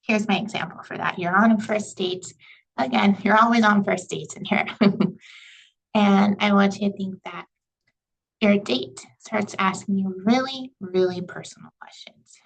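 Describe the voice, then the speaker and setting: A young woman giving a recorded college lecture over slides. Her voice has a gravelly edge, and her delivery stays conversational and loose, with frequent fillers as she explains each point. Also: mid-range voice, measured pace, poor audio. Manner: conversational, uses "like" and "you know" often. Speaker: college communication instructor.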